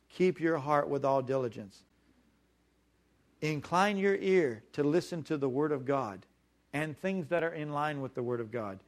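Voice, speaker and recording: Man, preacher, sermon, slightly high-pitched, emphatic, repeats key words, draws out stressed phrases. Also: expressive, measured pace. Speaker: pastor.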